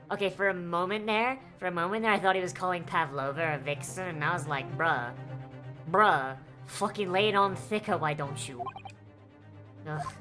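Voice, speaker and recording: A woman's voice: lowish voice, moderate pace, fairly bright tone, soft background music. A woman streaming a mystery game, reading characters aloud and breaking off into profane, sardonic asides. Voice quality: swears freely, sardonic. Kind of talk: let's-play with character voices and profane asides.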